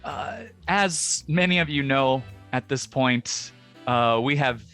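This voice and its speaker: A man's voice: mid-range voice, a bit bright, clean tone, soft background music. A man playing a tabletop game, giving formal courtroom speeches in character. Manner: formal, measured. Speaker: player.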